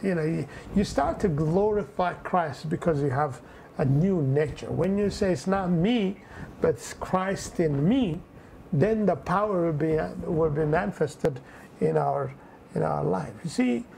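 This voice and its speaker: A man's voice: fairly high pitch, measured pace, creaky, darkish tone, slight background noise, rough recording. A man preaching a sermon in an earnest way, often repeating phrases and adding fillers.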